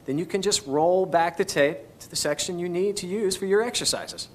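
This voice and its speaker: A man's voice: high-pitched, brisk. A man teaching singing on an instructional video, patiently coaching each step. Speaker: vocal instructor.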